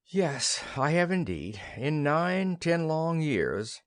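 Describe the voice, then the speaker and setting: A man's voice: fairly high pitch, sing-song, slow pace, no room sound, studio quality. A man reading a timid, dejected widow. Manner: subdued, timid. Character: widow Mrs Lynde, dejected, timid, weary. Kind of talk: audiobook play reading.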